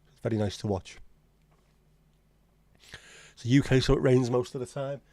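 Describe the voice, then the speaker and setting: This Scouse man from Liverpool, England, runs a livestream, reading live comments and bantering bluntly with plenty of swearing. He speaks at a moderate pace in a mellow mid-range voice, and the recording is dry.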